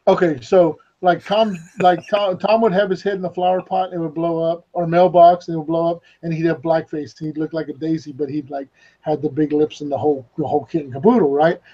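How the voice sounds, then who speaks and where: Rambling guy telling a story on a podcast, kinda husky and high, muffled lo-fi call audio. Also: level tone, fairly quick, mellow. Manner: rambling storyteller, lots of fillers and swearing. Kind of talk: casual chat. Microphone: online voice call.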